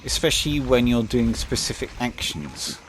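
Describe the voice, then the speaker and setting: A man's voice: medium pitch, very animated, moderate pace, a bit bright, a little hiss or hum. A man giving casual, rambling gameplay commentary, hesitant and full of fillers.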